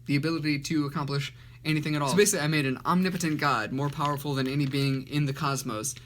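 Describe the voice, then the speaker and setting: A man's voice: a little high, steady tone, fast, fairly bright tone, a little hiss or hum. Sarcastic man riffing on childhood drawings. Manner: sarcastic, self-mocking, laughing asides. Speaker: YouTuber reviewing his childhood drawings. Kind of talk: casual comedic commentary.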